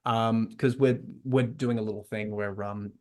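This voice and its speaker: A man's voice: fairly low pitch, fairly even intonation, normal speed, a little mellow. A man hosting a casual writing podcast, talking in a hesitant way with many restarts. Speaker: podcast host and writer. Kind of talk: casual chat.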